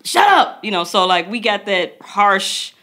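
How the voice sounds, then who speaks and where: A woman in her thirties co-hosting a casual parenting podcast, telling stories in an animated way and acting out the voices of others. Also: mid-range voice, measured pace. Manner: animated storytelling, acts out quotes. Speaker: podcast co-host. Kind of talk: casual chat.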